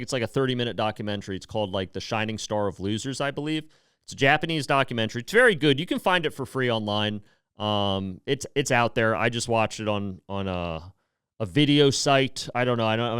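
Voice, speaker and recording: A man in his thirties hosts a podcast in a loose comedic monologue, rambling and swearing as he gets worked up. His pitch jumps all over the place, and his voice comes across smooth and clear. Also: a bit bright, no echo, clean studio sound. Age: 30s. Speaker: podcast host.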